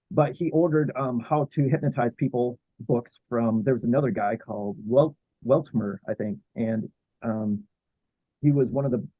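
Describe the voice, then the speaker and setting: A man talking as a guest historian in a casual interview, halting with many fillers and restarts. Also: medium pitch, dry recording. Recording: tinny phone-like line.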